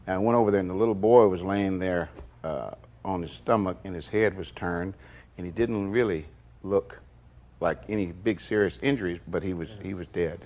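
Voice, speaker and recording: An older man telling stories in a documentary interview, folksy and unhurried, often slipping into quoted dialogue. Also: sits low, darkish tone. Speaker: interviewee recalling past events.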